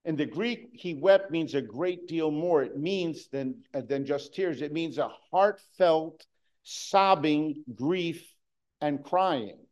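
A man preaching a sermon, earnest, moving between hushed and emphatic delivery. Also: fairly high pitch, slow, dull audio.

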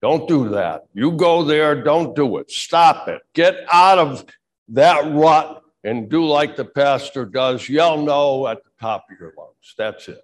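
A middle-aged male pastor preaching a sermon with fervor, dropping low and then shouting. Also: animated, takes it slowly. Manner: fervent preaching that swings from quiet to shouting.

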